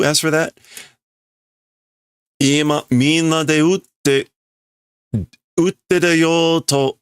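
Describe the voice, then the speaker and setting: Alarmed male guard, as a man reads the lines, urgent, higher than his own voice, gravelly edge. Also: no room sound, clean studio sound. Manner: urgent, loud, raised pitch. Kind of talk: reading manga dialogue aloud.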